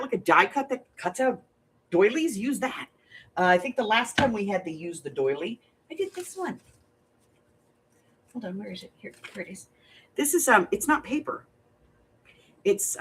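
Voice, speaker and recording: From her home crafting room, a woman hosts a casual craft livestream in a husky, mid-range voice with a fairly bright tone. She hands out prompts while chatting, joking, rambling a bit and laughing a lot.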